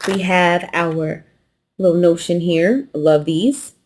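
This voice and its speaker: Relaxed Southern-tinged woman quilting vlogger. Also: lowish voice, slow. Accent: light Southern US. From New York. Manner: relaxed, rambling, swallows consonants. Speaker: quilting channel host. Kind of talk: casual unboxing chat.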